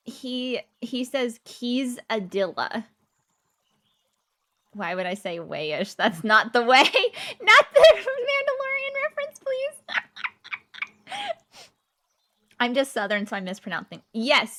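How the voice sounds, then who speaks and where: A woman's voice: medium pitch, a bit bright. A woman streamer from the US South with a generic American accent with a slight Midwest hint, chatting casually with her viewers and laughing often. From Georgia, US South. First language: not English. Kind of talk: casual chat with live chat.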